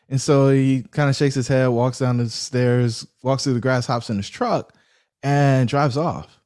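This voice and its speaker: Male guest, storyteller, warm low tone, acts out dialogue. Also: unhurried. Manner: animated storyteller acting out quoted dialogue. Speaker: real estate investor guest. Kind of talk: storytelling in a podcast interview.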